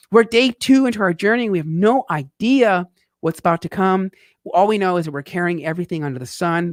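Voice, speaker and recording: A man hosting a casual talk show, narrating his travel photos in an animated way, swinging between excited and weary asides, with some swearing. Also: a little high, no echo, studio quality. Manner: occasional swearing. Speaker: tax talk show host.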